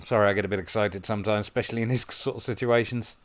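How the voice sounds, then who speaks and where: A man commentating on his football management game, musing quietly and then breaking into excited play-by-play. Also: medium pitch, brisk, vocal fry. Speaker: gaming video host. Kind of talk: gameplay commentary.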